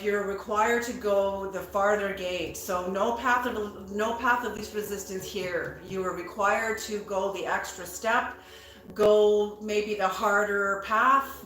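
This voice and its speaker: A woman giving a tarot reading in a slow, musing way, repeating her words and bursting into excitement now and then. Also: mid-range voice, reverberant, poor audio. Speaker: tarot reader.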